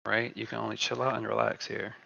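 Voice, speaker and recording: A man's voice: on the low side, level tone, fast talker, vocal fry, pushed and bright, dry recording. A man hosting a live trading stream, giving laid-back market commentary and repeating phrases to himself on a dull, lo-fi recording.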